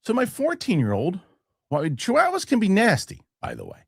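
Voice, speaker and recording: In a casual, heated rant, a man in his forties hosting a show swears and impersonates the people in his story. His high voice is creaky and slightly rough at a moderate pace, recorded cleanly in the studio without echo.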